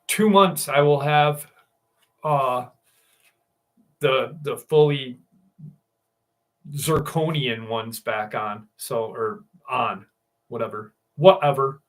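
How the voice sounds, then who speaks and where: A man in his early sixties chats slowly and loosely on a livestream from his home. His voice sits at an ordinary middle pitch. He swears casually and calls out viewers by name. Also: fairly bright tone. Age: 60s. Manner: casual, profane, greets chat viewers by name. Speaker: livestream host.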